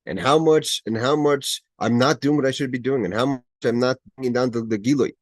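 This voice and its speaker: Leading a Torah study session by video call, this man goes through a Hebrew text line by line, shifting between the Hebrew quotes and English explanation. His voice is medium-pitched and a little fast, the sound dry and close without echo. He trips over words and starts again frequently, growing emphatic on key points.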